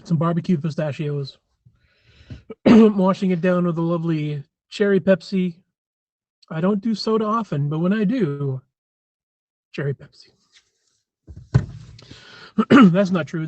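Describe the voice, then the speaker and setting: A man's voice: a little high, normal speed, long pauses, a little mellow, no room sound, muffled recording. Rambling man on a live stream. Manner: rambling, chatty, frequent throat clearing. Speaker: livestream host. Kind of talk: casual live-stream chat.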